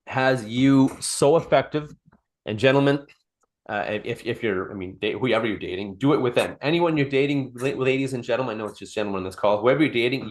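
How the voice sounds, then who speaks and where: A man leads a live sales coaching call in an unscripted, off-the-cuff way. He often restarts and repeats his phrases, and he acts out lines of sample dialogue as he goes. His voice sits at an ordinary middle pitch. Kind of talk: live online coaching session.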